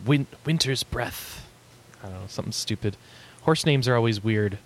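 A man's voice: mid-range voice, animated, normal speed. A man hosting a casual podcast chat, reading out listener letters and laughing often. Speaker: podcast host.

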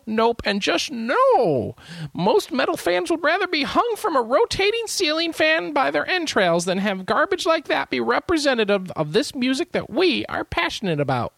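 A man's voice: extremely high pitch, creaky, fairly bright tone, no room sound, pitched above the performer's own voice, heavily acted. A man reading out a listener's letter in a put-on old-timey voice, playing an indignant, lecturing writer.

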